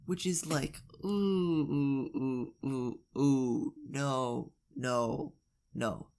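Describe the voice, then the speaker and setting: A teenage vlogger telling a storytime tale in a chatty, exaggerated way with quick asides. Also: mid-range voice. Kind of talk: storytime narration.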